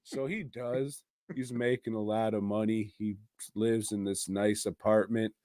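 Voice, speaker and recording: A man co-hosting a podcast, casually rambling through a movie plot with crude jokes, laughter and quick impressions of the characters. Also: on the low side, steady tone, mellow, a little hiss or hum. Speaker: podcast co-host. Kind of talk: casual movie review chat.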